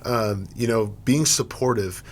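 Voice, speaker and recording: A man's voice: medium pitch, a little slow. A man co-hosting a casual instructional talk show about emergency care, explaining step by step with frequent restarts. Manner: thoughtful, repeats and restarts while explaining. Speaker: podcast co-host and EMS educator.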